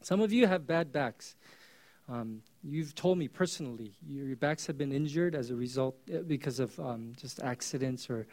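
A male pastor preaching a sermon in a conversational storytelling way, swinging between loud bursts and hushed asides. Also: medium pitch, normal speed.

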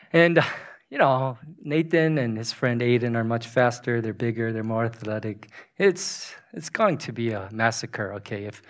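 A male pastor in his thirties preaching a sermon, telling a family story with laughter and swinging from hushed tones to loud bursts. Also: medium pitch. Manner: laughs through his anecdotes.

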